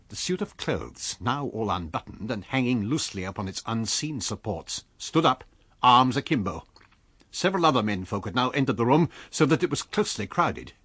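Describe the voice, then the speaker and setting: A male audiobook narrator reads in an expressive, storytelling way, and his pitch rises and falls a lot. His voice has a slightly husky edge. The reading sounds close and dry, with no room around it. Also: normal speed, dry recording. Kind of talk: scripted narration.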